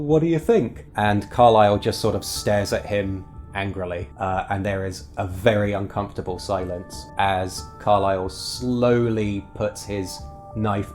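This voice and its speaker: A man narrating as game master of a tabletop game, relaxed and halting with fillers. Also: lowish voice.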